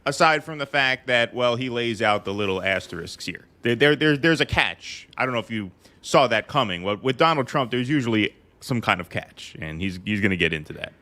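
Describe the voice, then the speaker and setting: Bright-voiced man, sarcastic commentary. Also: medium pitch, animated, fairly quick. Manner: sarcastic, blunt. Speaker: co-host of a political stream. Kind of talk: casual political commentary.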